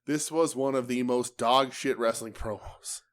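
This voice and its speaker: A man co-hosting a casual wrestling podcast, talking in a profane, animated way and mimicking promos. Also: medium pitch, a little slow. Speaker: podcast co-host.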